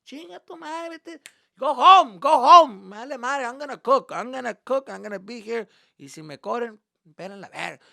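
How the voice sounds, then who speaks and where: A man voicing his stubborn, shameless middle-aged Mexican father, loud and cursing with a Mexican Spanish accent. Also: very high-pitched, expressive, racing, gravelly, hardly any pauses, voice pushed up, exaggerated voice. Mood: angry. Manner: shouting, cursing, defiant.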